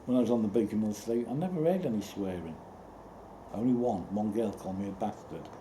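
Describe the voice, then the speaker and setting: A man telling a rambling personal story in a halting way, with restarts and sudden outbursts. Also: on the low side, animated. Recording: roomy echo with loud background noise.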